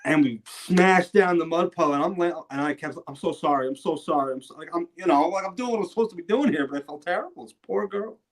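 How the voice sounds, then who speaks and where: A man from New York State co-hosting a casual sports watch-along, telling stories in a relaxed way and often repeating his words as he starts a sentence. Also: sits high, quick pace, hardly any pauses. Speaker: co-host.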